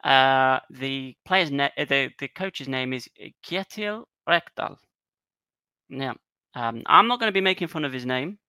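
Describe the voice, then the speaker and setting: A man's voice: mid-range voice, animated, measured pace, sharp tone, clear, resonant tone, no room sound. A man co-hosting a casual football podcast, joking and laughing often as he talks through the week's news. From Cyprus. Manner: jokey, laughs often, punning. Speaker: podcast co-host.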